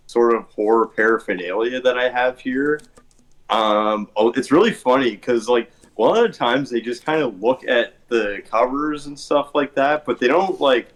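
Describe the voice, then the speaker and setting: A man's voice: medium pitch, rough recording. Easygoing male podcast co-host chatting casually from his basement. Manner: easygoing, agreeable, many short backchannels. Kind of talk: casual chat. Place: home basement.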